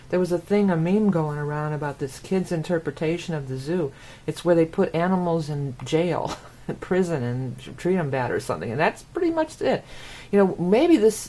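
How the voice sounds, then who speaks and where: Give me a woman from the US with a deep voice, talking loosely through an astrology forecast. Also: darkish tone. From United States. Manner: rambling, repeats words for emphasis. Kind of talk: casual monologue forecast.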